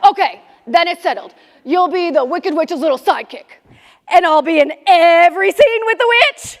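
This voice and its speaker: A woman's voice: extremely high pitch, lively intonation, moderate pace, a faint crowd. A woman on stage voicing an earnest man, a summer camp drama director, in a reassuring tone. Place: live theater stage. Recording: reverberant hall.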